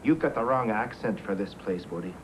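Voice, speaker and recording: A man's voice: fairly low pitch, expressive, fairly quick, a little hiss or hum, close to an everyday voice, low-quality recording. An actor playing a hostile bar regular who sneers at an Englishman. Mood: sneering. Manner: sneering, insulting.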